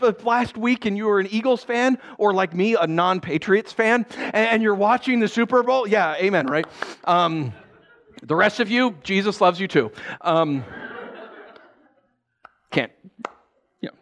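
A male pastor preaching a sermon in an animated, jokey way, acting out the people in his stories. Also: sits high, measured pace, long pauses.

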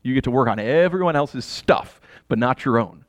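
Animated man telling a dramatic story. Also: medium pitch, normal speed, dry recording, clean studio sound. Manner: animated, swinging from quiet asides to exasperated near-shouting; speaks straight to the audience with rhetorical questions. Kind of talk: dramatic first-person storytelling monologue.

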